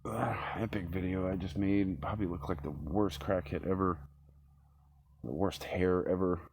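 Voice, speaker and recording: A man ranting alone to camera in a cold room at home, swearing freely and swinging between loud outbursts and low muttering. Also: fairly even intonation, moderate pace, slight background noise. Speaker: vlogger. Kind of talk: rambling solo rant to camera.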